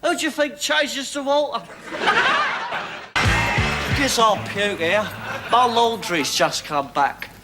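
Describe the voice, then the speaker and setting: A man's voice: extremely high pitch, takes it slowly, long pauses, over music. A man playing a crude cockney punk who tells gags, brash and cackling, in a sketch comedy monologue.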